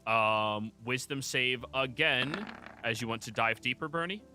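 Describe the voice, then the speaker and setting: A man running a tabletop game as dungeon master, explaining rules in a relaxed way. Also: mid-range voice, a little slow, soft background music.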